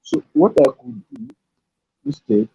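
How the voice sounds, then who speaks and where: A man teaching a live-streamed programming lesson, thinking aloud in halting phrases as he types. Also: sits high, wildly swooping pitch, creaky, warm tone, slightly rough. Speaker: programming tutor. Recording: dull lo-fi stream audio.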